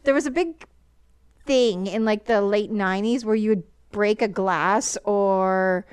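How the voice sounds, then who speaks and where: A woman's voice: mid-range voice, measured pace, a little mellow, smooth. A woman co-hosting a casual chat, giggly and rambling. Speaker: podcast co-host.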